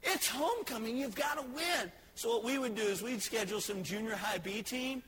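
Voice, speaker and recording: A male preacher giving a sermon, telling stories and jokes, swinging between soft asides and shouted lines. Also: very high-pitched, brisk, a little hiss or hum.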